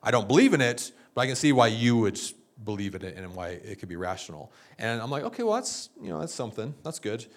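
A man's voice: on the low side, fast talker, hardly any pauses. Middle-aged guy preaching, telling stories, jumps into quotes with real energy. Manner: storytelling, animated, quoting others in lively bursts. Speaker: pastor. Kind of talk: sermon.

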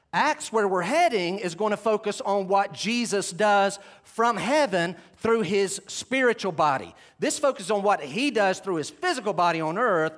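High-voiced man preaching a teaching sermon. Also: fairly bright tone. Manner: emphatic, asks the audience questions; stresses key words, has listeners take notes. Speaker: Bible teacher.

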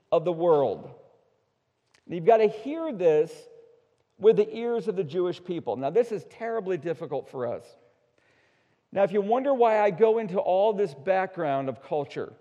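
A male pastor preaching an emphatic sermon, swinging between hushed asides and loud, slowed-down declarations. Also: sits high. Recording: dull sound with long hall reverb.

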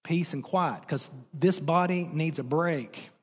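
A man preaching a sermon, earnest and emphatic, repeating key words and pausing on fillers as he explains a verse. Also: fairly high pitch, husky, long reverb tail. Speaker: pastor.

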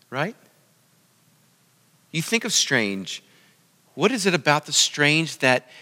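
A middle-aged man preaches in a relaxed, story-driven way, speaking at an ordinary pitch for a man. His voice is bright and forward, and a long reverb hangs after it. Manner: conversational, with asides to listeners. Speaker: church speaker. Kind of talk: storytelling sermon.

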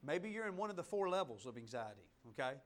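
A man preaches to his congregation in a church, his voice sitting a little high for a man. He talks to the room like a conversation, surging into loud, fervent bursts and falling back to quiet, hushed asides. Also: sing-song, quick pace. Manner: conversational, addresses the congregation directly. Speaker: pastor. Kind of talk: sermon. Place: church sanctuary, in front of a congregation.

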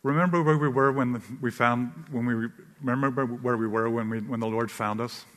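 A man giving an earnest, measured sermon as a pastor. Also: mid-range voice, fairly even intonation, fairly bright tone. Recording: long reverb of a large hall.

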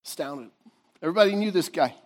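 Animated high-voiced preacher man. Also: fast. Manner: animated, swings from shouting to hushed; laughs often between points. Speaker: pastor. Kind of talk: sermon.

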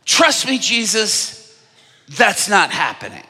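A man voicing a tired, sarcastic fisherman who talks in a deadpan way. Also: sits high, slow pace, in a large hall, full character voice. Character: weary, sarcastic male fisherman.

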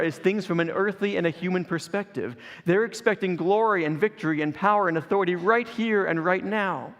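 A man's voice: high voice, in a large hall. A man preaching a sermon as pastor, earnest and building through repeated phrases.

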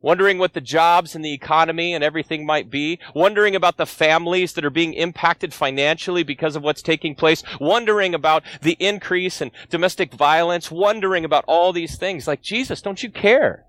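Man in his 40s, guest pastor preaching earnestly, high voice, dry close sound, storytelling with questions to the pews. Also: fairly quick, hardly any pauses, fairly bright tone, dry recording. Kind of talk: sermon.

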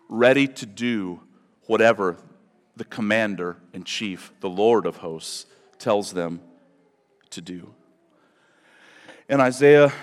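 A male pastor delivering a sermon in a conversational, digressive way with dramatic emphasis. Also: medium pitch. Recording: long reverb of a large hall.

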